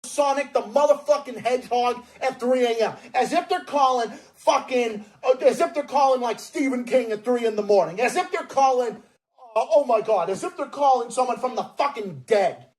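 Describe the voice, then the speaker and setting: A man with a Massachusetts accent ranting loudly and profanely in a mocking, angry online video. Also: very high-pitched, animated, normal speed. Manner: profane, loud, mocking outbursts.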